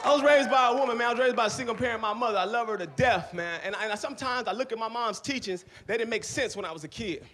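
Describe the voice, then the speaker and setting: Middle-aged guy doing standup, high lively voice, rapid and loud, cusses a lot. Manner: loud, animated storytelling, swears a lot. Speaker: stand-up comedian. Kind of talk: stand-up comedy set. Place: live comedy club stage.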